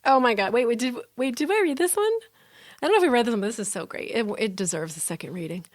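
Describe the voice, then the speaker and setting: A woman's voice: a little high, lively intonation, fast talker, no echo. A woman co-hosting a podcast, chatting casually with playful, giggly asides. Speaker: podcast co-host.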